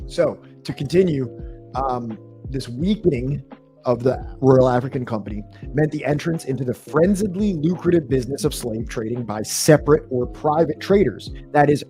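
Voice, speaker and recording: A man co-hosting a history stream, reading from a book and explaining it in his own words, pausing often with fillers and correcting himself as he goes. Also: medium pitch, expressive, dark tone, faint music behind. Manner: thoughtful, with frequent fillers and self-corrections.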